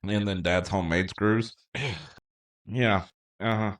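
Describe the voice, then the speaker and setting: A man's voice: on the low side, steady tone, slow, distant mic. A middle-aged man co-hosting a podcast, telling rambling, sarcastic stories in casual chat. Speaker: podcast co-host.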